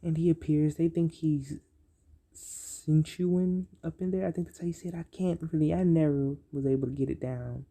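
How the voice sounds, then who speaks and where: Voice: mid-range voice, fairly even intonation, normal speed, creaky, mellow. A storyteller casually narrating an improvised fan-fiction story, rambling with many ums and "so, yeah" fillers.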